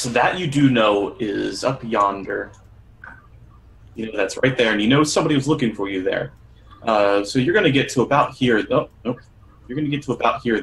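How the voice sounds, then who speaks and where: Calm man running a tabletop game. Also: mid-range voice, low-quality recording. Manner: calm, even-toned narration with brief character voices. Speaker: game master. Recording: faint background noise.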